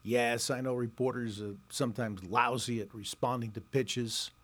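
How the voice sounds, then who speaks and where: A man in his sixties, a reporter hosting a scripted commentary show, talking in a sarcastic and wry way and mocking the pitches he reads aloud. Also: steady tone, moderate pace, a bit bright. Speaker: reporter and podcast host.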